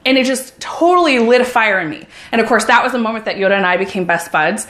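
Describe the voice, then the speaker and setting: A woman's voice: on the high side, lively intonation, quick pace, fairly bright tone, roomy sound. A woman who is a runner and a mom, talking in an upbeat, enthusiastic and encouraging way in a casual motivational vlog.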